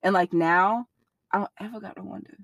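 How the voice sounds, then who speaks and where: A young woman in an interview, telling a personal story in a blunt, profane, animated way. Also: medium pitch, a little fast, no room sound, clean studio sound.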